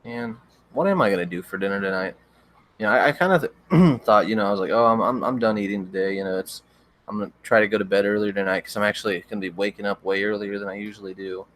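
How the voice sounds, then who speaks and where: Young male streamer, low voice, dry close sound, easygoing and rambly. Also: quick pace, dry recording. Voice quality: relaxed, rambling with frequent stammered restarts. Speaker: livestream host. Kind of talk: casual chat reading viewer comments.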